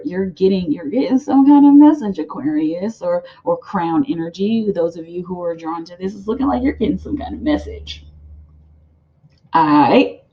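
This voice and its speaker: A woman giving a casual tarot card reading, rambling and animated, with many fillers and laughs. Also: fairly low pitch, lo-fi sound.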